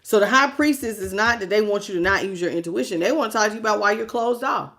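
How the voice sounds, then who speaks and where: A woman's voice: mid-range voice, fast, a bit bright. A woman doing a tarot reading to camera, sassy and emphatic, often laughing as she talks. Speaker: tarot reader.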